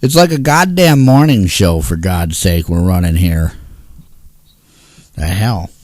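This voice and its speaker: Cranky guy from the northeast hosting his own show, lowish voice, swears a lot and grumbles at everyone. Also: animated, a little slow, darkish tone, dry recording. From Northeastern United States. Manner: grumpy, cursing, exasperated rants. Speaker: host. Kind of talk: casual ranting talk show.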